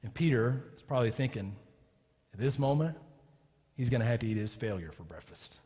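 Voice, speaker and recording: A male pastor preaching a sermon as lively storytelling, acting out the people he quotes. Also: mid-range voice, fairly quick, husky, big-room sound.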